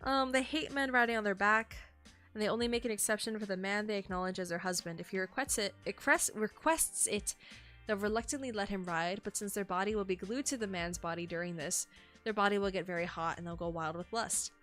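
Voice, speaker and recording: Bright-voiced young woman streamer. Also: fairly quick, soft background music. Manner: shocked exclamations, frequent swearing; reads entries aloud in a lower, calmer tone. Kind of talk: live-stream reaction and reading aloud.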